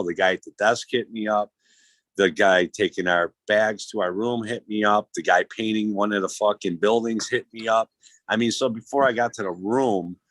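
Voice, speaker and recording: Casual male storyteller, low-pitched, loose and profane, acts out quotes. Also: a bit bright, dry recording, low-quality recording.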